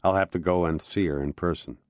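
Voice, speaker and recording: A man's voice: low voice, fairly even intonation, fairly quick, a little mellow, dry recording, clean studio sound, close to an everyday voice. Man reading a weary, restrained police inspector. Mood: tense. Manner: restrained, tense.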